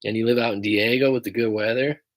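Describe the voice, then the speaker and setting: A man's voice: mid-range voice, fairly even intonation, fast. A man coaching viewers on a livestream, blunt and emphatic, swearing often as he reads and answers their comments. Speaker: relationship coach.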